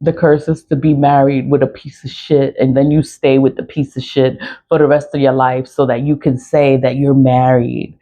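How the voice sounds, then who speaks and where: A woman's voice: rumbling low, level tone, normal speed, mellow. A woman in her forties telling a personal story in a blunt, profane, casual rant, laughing often. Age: 40s. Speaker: spiritual products seller. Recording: dull lo-fi recording.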